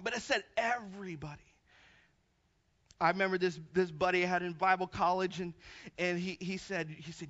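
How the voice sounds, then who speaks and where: Young guy preaching hard, high voice, kinda muffled lo-fi audio, trips over his words. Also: fairly quick. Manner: fervent, rising to shouts, with stumbling repeats. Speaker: youth pastor. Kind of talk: sermon. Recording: dull lo-fi sound.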